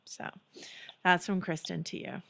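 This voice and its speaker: A woman's voice: on the low side, steady tone, measured pace, creaky, a bit bright. A woman who is a journalist and hosts a podcast, chatting with a guest in a casual way, often stammering and restarting her sentences. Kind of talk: casual interview.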